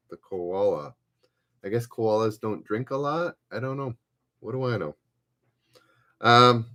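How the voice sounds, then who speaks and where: A man's voice: medium pitch, a bit bright. A man hosting a live-streamed trivia game, reading each question twice and stopping often to search for words. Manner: halting, hesitant, reads questions aloud twice with many fillers. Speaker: livestream trivia host. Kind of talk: casual live-stream chat.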